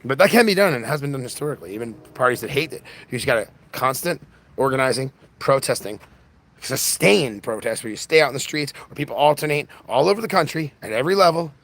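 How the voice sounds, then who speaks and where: A man's voice: mid-range voice, lively intonation, fast, fairly bright tone. An exhausted man hosting a casual livestream, rambling with lots of restarts, recorded on a phone. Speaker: livestream host.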